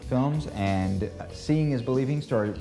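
A man's voice: medium pitch, a little slow, warm tone, soft background music. A man hosting and introducing films with rambling, self-deprecating jokes. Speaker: host. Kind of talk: casual introduction.

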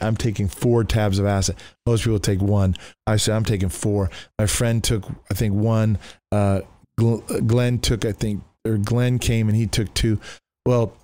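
An older man, a pastor, telling his testimony in an animated way, acting out the voices he quotes, with rambling restarts. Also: on the low side, dry recording. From Oregon, US. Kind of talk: animated storytelling.

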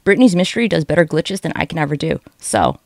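A woman's voice: low voice, sing-song, fast talker, creaky, darkish tone, no echo. A young woman giving sarcastic, profane, rambling comedic commentary over online videos.

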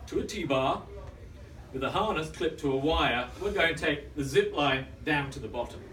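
A man in his thirties delivers a dramatic storytelling speech in a function room. His voice sits a little high for a man and swings widely in pitch. It sounds roomy and distant, with a faint ambient hum behind it. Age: 30s. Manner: dramatic, drops to a hush for tension. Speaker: club speaker.

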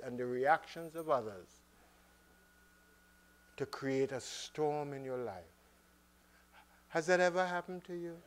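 A man preaching a sermon to a congregation, swinging between loud exhortation and soft, slow asides, and calling out to the room. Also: sits high, clean tone. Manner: calls out to the congregation. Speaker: minister.

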